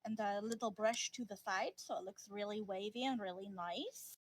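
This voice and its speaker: A woman's voice: medium pitch, normal speed, poor audio. Rambling woman describing her character. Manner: rambling, lots of "like" and "you know". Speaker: player. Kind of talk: casual play over a call.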